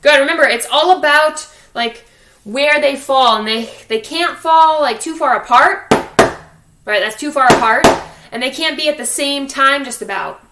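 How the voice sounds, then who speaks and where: High-voiced woman coaching drum practice. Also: normal speed, roomy sound, very noisy. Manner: encouraging, counts aloud and coaches step by step. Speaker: music teacher. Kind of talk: online drum lesson for children. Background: drumstick clicks on a practice pad.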